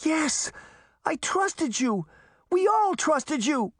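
Man doing a fiery, indignant young girl, raised and lively, for a storybook reading. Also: high-pitched, normal speed, no room sound, clean studio sound, voice pushed up. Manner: heated and indignant.

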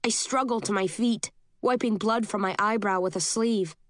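A woman reading a first-person novel aloud as an audiobook narrator, steady and measured. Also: medium pitch, no room sound, clean studio sound.

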